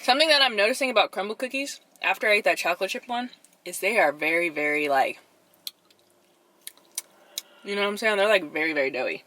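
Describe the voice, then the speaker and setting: A young woman vlogging from her car in a chatty, animated way, with dramatic reactions. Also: mid-range voice, fast, pauses often, a little hiss or hum. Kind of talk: casual chat. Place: inside her parked car. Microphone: camera.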